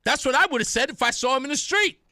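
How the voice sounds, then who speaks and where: A young male talk radio host with a high, bright voice that swings widely as he rants. He speaks in an emphatic, sarcastic monologue, close to a dry studio microphone. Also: animated, fast, no echo. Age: young adult.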